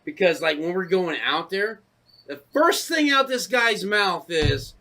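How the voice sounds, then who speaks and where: A man co-hosting a casual podcast rants through his stories with plenty of swearing. His voice swings widely up and down as he talks. It has a bright, forceful edge. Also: high voice, animated, measured pace. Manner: profane, ranting storyteller. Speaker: podcast co-host. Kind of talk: casual chat.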